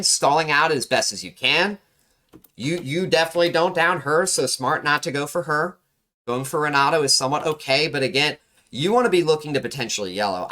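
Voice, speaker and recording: A young man breaks down a match replay like a coach, stressing his points by repeating words. His voice is bright and forward, and he explains each move step by step. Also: mid-range voice. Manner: instructive, emphatic, repeats key words. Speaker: game coach reviewing a match. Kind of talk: analytical gameplay commentary.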